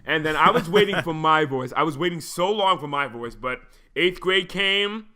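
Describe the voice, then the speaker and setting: Bright, lively young man chatting. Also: moderate pace. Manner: laughing often and jumping into a squeaky high voice to mock his younger self. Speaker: podcast co-host. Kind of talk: casual chat.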